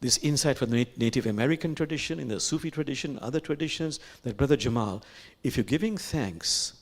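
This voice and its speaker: A man, an imam, giving a reflective sermon, slow and unhurried with pauses and soft, whispered asides. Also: mid-range voice.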